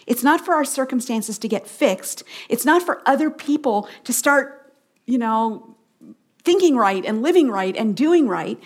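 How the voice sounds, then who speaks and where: Middle-aged female Bible teacher, slightly high voice, program style with slow call-and-response lines. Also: animated. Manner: slow call-and-response repetition of key phrases.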